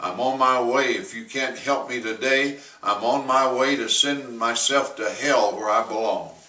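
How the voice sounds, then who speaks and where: Tormented giant of a man, despairing and pleading, retold by a male preacher; bright, roomy, distant sound. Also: medium pitch, measured pace, pitched above the performer's own voice. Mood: desperate. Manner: anguished, insistent pleading. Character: tormented huge man, a self-declared murderer.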